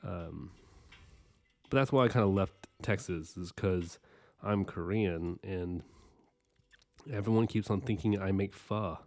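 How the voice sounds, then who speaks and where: Low-voiced rambling man. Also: measured pace, pauses often, darkish tone. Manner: rambling, chatty, apologetic. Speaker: artist streaming while drawing. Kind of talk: casual livestream chat with viewers.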